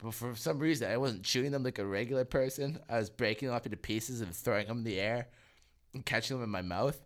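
A young man co-hosting a podcast, telling animated stories in casual chat, swearing freely and laughing as he goes. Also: medium pitch, fast. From Canada. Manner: animated storyteller, swears, acts out voices with laughs. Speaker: podcast co-host.

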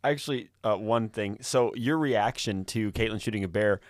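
A man hosting a podcast, joking with his guests in a lively, teasing way. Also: on the low side, moderate pace, no echo, clean studio sound. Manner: lively, teasing, laughs along. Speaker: podcast host. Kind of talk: casual chat.

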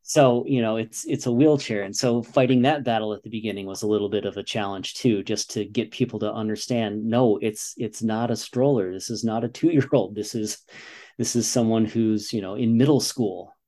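A man's voice: fairly low pitch, fairly even intonation, normal speed, warm tone. A man in his forties, an American father and runner, talking earnestly in a casual interview and often saying "you know". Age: 40s.

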